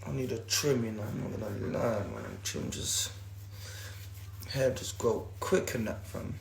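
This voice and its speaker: A man's voice: lowish voice, huge pitch swings, a little slow, gravelly, noisy background. A young man, hosting a casual livestream and ranting at viewers in repetitive slang, talking into a phone. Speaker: livestream host. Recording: echoey room.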